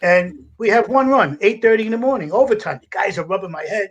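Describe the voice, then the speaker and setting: An older man, a retired fire captain telling gruff, animated stories as a podcast guest. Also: high voice, fast talker. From United States. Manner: animated storyteller with a gruff, salty edge, acting out voices and laughing. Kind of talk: casual storytelling.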